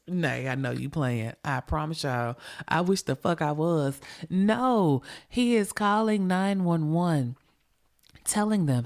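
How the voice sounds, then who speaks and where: Low-voiced, profane true crime podcaster. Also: female voice, expressive, unhurried. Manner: profane, emphatic, conversational, addresses listeners directly. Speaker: podcast host.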